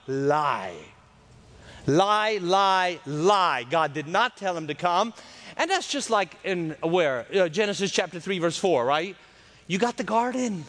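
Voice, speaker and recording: A man preaching a lively sermon, swinging from shouts to hushed tones and acting out the voices in the story. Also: high-pitched, moderate pace. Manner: animated, swings between loud and hushed, acts out voices.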